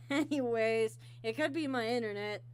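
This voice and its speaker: A woman hosting a casual online interview, talking haltingly with many ums and restarts. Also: fairly high pitch, slight background noise. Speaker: interview host.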